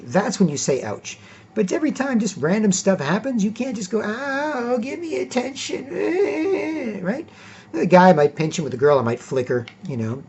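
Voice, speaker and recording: A man's voice: fairly high pitch, mellow, husky. A man giving a rambling, emphatic vlog monologue, swearing freely and ending his points with "right?". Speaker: vlogger. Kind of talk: casual lecturing monologue. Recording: dull lo-fi recording.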